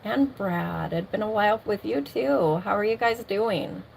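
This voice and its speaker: A woman's voice: mid-range voice, expressive, a little slow, creaky, darkish tone, slight background noise. A middle-aged woman casually chatting on a livestream from her home, laughing often and greeting viewers by name. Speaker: livestream host. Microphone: streaming mic.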